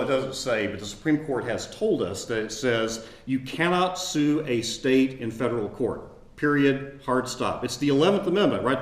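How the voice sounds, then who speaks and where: A man's voice: medium pitch, echoey room. A man in his fifties giving a conversational law school lecture, telling stories between points. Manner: conversational storytelling, animated. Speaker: guest lecturer. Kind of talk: classroom lecture with anecdotes.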